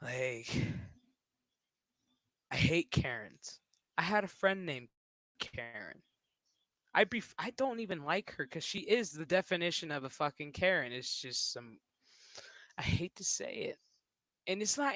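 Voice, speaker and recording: A man's voice: sits high, very animated, moderate pace, bright, forceful tone, dry recording. A man streaming live, ranting casually in a crude, mocking way and often breaking into laughter. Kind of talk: casual livestream rant.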